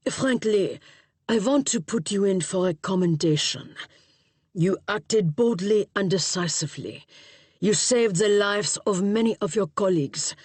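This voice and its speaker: A man's voice: high voice, darkish tone, slightly rough, no room sound. A woman voicing a male police chief who talks in a dry, matter-of-fact way. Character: Interpol chief, male boss, brisk and political.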